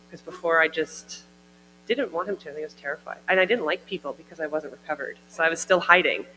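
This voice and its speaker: A woman's voice: deep voice, pushed and bright. A woman giving a heartfelt personal testimony at a church service, chatty and full of "like" and "I remember". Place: church hall. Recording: hall reverb with faint mains hum.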